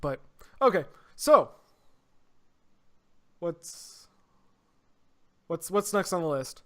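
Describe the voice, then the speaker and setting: A young man with a high voice co-hosts a loose anime podcast. He talks in rambling, excitable bursts and often trails off mid-thought. He speaks into a desk mic. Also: extremely slow. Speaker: podcast co-host. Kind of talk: casual chat. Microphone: desk microphone.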